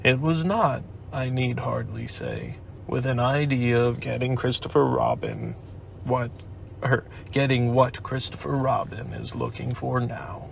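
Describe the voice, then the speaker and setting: A man voicing a gloomy, self-pitying old male donkey in a storybook reading, speaking slowly and dolefully. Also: mid-range voice, animated, creaky, slight background noise. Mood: pompous. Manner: slow, doleful, pompous speechmaking.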